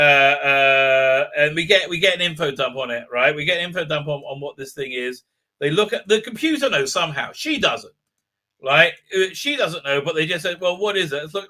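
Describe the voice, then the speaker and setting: A man's voice: on the high side, bright, forceful tone. A man hosting a casual live-stream, rambling through an episode recap with many fillers and scornful remarks. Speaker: show host reviewing an episode.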